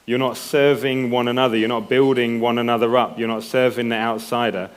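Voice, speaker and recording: A man's voice: mid-range voice, little pitch movement, fairly quick. A man preaching a sermon in a conversational way, often checking in with the congregation. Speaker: pastor.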